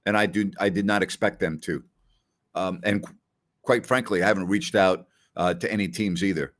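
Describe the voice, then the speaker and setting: A man's voice: sits low, fairly even intonation, moderate pace. A middle-aged man hosting a casual live question-and-answer show, talking loosely with many "you know" and "I mean" asides. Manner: conversational storyteller, frequent "you know" and "I mean". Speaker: podcast host.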